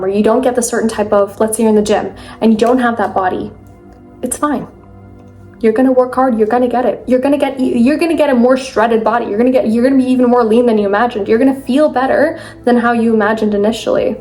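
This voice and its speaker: A young woman giving an earnest, emphatic motivational talk to camera in a casual vlog, quick and full of fillers. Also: fairly high pitch, steady tone, darkish tone, faint music behind. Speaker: mindset vlogger.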